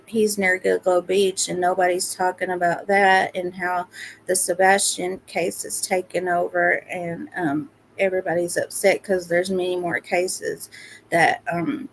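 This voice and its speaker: A woman's voice: lowish voice, creaky, slight background noise, low-quality recording. A woman hosting a casual true crime livestream, agreeable and reading chat comments with fillers.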